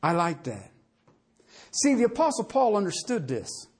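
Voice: mid-range voice, measured pace. Preacher going at it, voice swings way up and down, lots of "see?" and "guess what?" questions, folksy. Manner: animated, rhetorical questions, folksy phrasing. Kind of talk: sermon.

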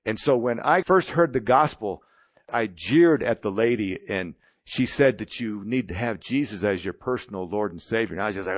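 A man's voice: on the low side, expressive, moderate pace, dry recording. A man in his sixties preaching a sermon, telling his own testimony in a plain-spoken, storytelling way.

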